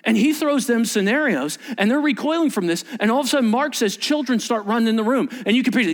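A male pastor preaching a sermon, acting out dialogue and swinging between loud bursts and hushed near-whispers. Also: extremely high pitch, lively intonation, quick pace, hardly any pauses.

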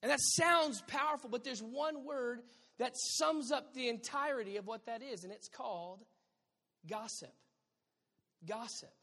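A woman's voice: sits high, normal speed, fairly bright tone. Emphatic woman preaching in an echoing hall. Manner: emphatic, conversational with playful asides. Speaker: pastor. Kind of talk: sermon.

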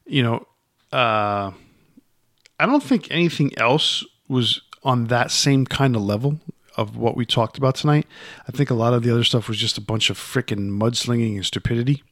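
Animated and speaking at normal speed, a podcast co-host with a medium-pitched, slightly bright voice is heard in a dry, studio-quality recording. His casual talk rambles with many restarts and repeated words, and he gets emphatic, raising his voice, as he argues his points.

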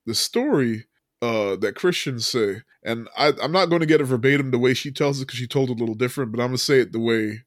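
A man's voice: mid-range voice, fast, no echo, studio quality. Chatty man retelling a movie. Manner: loose storyteller, many fillers, laughs often. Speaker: podcast host. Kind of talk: casual movie recap chat.

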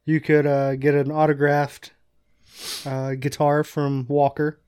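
A man's voice: on the high side, monotone, takes it slowly, darkish tone, clear, resonant tone, no echo, studio quality. A man co-hosting a podcast, reading out listener questions and joking around in casual banter. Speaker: podcast co-host.

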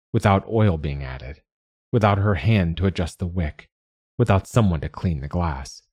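A man reading a fantasy audiobook as narrator, with measured storytelling. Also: low voice, a little mellow, breathy edge, no echo, clean studio sound. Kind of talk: scripted narration.

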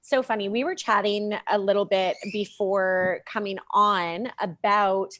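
A chatty, upbeat woman speaks over a video call, often saying "like" as she explains. Her voice sits at an ordinary middle pitch for a woman. The sound is dry and close, with no room echo. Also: steady tone, unhurried, a bit bright. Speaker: podcast guest, NLP practitioner. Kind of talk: casual conversation.

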